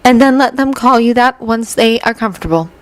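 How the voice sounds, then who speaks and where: A woman voicing a calm, level-headed young woman who answers plainly. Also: on the high side, fairly quick, a little hiss or hum, voice pushed up, natural voice, rough recording.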